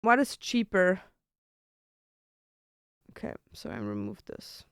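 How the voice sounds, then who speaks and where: Chatty young woman streamer, smooth voice. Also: lowish voice, very animated, slow, no echo, studio quality. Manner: chatty, swears casually, thinks aloud while ordering food. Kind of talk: casual chat to stream viewers.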